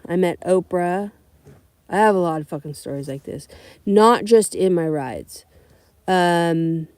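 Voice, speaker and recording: A young adult woman from California, a rideshare driver, telling profane, animated stories on a casual livestream. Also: fairly low pitch, no echo. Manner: blunt, profane, animated storytelling.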